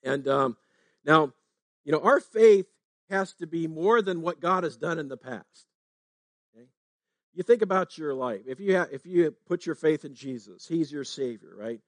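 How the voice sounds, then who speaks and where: Guy preaching, chatty, keeps asking right?, bit higher voice, dry close sound. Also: expressive, normal speed, no room sound. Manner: conversational preaching, frequent "right?" tags. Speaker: pastor. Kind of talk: sermon.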